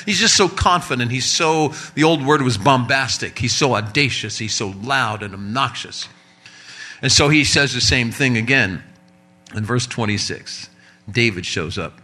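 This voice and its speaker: Male pastor, bright, forward voice, animated storytelling sermon. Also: medium pitch, moderate pace. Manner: animated storytelling with humorous asides.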